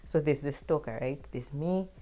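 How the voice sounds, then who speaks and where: A woman's voice: sits low, moderate pace, warm tone. A young woman casually telling a personal story to her viewers in a chatty, filler-heavy way.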